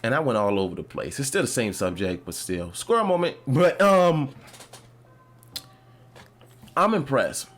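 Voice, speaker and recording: A man's voice: medium pitch, unhurried, pauses often. Guy rambling about a game on his podcast, chill everyday voice, lots of um and you know. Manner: rambling, animated, many fillers and restarts. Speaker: podcast host. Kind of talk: casual gaming chat.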